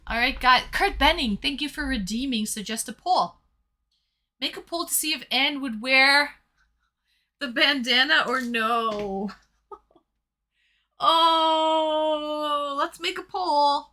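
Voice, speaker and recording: Bright-voiced young woman chatting on stream. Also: sits high, a little slow. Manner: chatty and playful, reads messages aloud. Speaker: livestream host reading chat. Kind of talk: casual live-stream chat.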